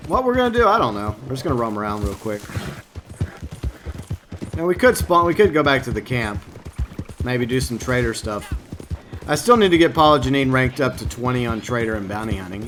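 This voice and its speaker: A man's voice: mid-range voice, fairly bright tone, a little hiss or hum. A man live-streaming a game, rambling casually and answering his viewers by name. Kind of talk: casual gameplay stream commentary.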